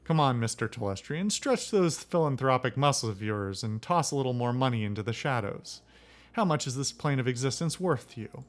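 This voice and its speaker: A man's voice: mid-range voice, expressive, brisk, close to an everyday voice. A man reading game dialogue aloud as a blunt female mercenary who haggles over her pay. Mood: blunt, haggling. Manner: blunt, demanding. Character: hard-bargaining female mercenary runner.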